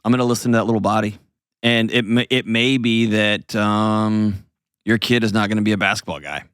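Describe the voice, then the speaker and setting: A man's voice: fairly low pitch, fairly even intonation, fairly quick, a bit bright, clear, resonant tone, no room sound, studio quality. A man hosting an advice show, explaining casually to a caller with acted-out examples and frequent "right?" checks.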